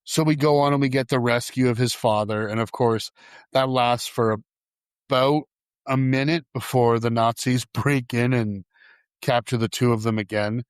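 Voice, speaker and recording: A man's voice: medium pitch, fairly even intonation, normal speed, clear, resonant tone, no echo. Dry-sounding man hosting casual podcast. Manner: laughs often while retelling film scenes. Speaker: podcast host. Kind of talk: casual film chat.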